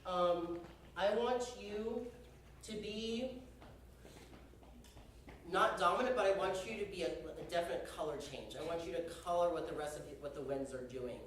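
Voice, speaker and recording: A young man conducts a band rehearsal, chatty and joking as he gives instructions and says "y'all." His high voice moves at normal speed with frequent pauses. It's recorded from far off in a very echoey hall, with a little hiss or hum.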